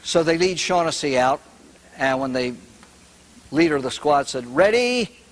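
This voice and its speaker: A man's voice: medium pitch, moderate pace. A man who is a priest, giving a humorous recovery talk as a folksy storyteller who laughs at his own jokes.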